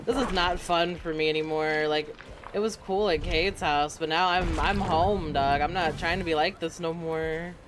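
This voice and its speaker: Casting: American streamer, laid-back sheepish slang, mid pitch, faint hiss behind. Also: steady tone, moderate pace. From United States. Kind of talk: casual game stream talk.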